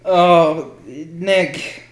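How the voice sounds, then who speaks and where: Teasing high-voiced young man. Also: very slow. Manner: teasing, laughs often. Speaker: podcast co-host. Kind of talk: casual chat. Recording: echoey room.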